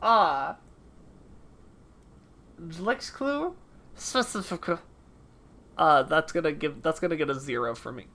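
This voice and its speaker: A woman's voice: sits low, a little fast, few pauses, a bit bright. A woman streaming a game, chatting casually with her viewers in a joking, self-mocking way. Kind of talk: casual gameplay chat with viewers.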